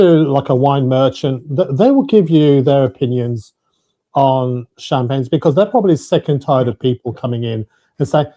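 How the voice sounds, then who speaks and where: A man's voice: mid-range voice, expressive, normal speed, warm tone, muffled recording. A man from the UK chatting casually on a call, explaining wine tasting notes with many fillers and restarts. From United Kingdom. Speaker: guest on a watch talk show. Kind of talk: casual chat on a video call.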